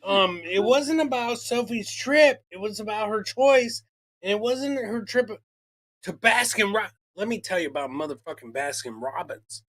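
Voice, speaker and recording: A man's voice: high voice, lively intonation, moderate pace, a bit bright. A man co-hosting a podcast, ranting in casual chat with lots of swearing and acted-out quotes. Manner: profane, ranting, acts out quoted exchanges. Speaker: podcast co-host.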